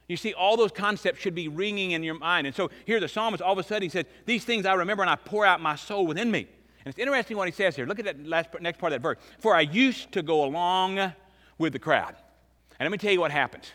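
A man in his fifties preaching a sermon as pastor, emphatic, swinging between loud and hushed. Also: high voice, animated, fast. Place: church sanctuary. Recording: long reverb of a large church hall.

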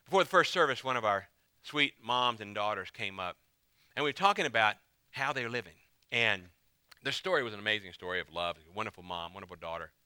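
A man's voice: on the low side, animated, a little fast, pushed and bright, smooth, dry recording. A male pastor preaching a sermon in an emphatic way, repeating key phrases to drive them home.

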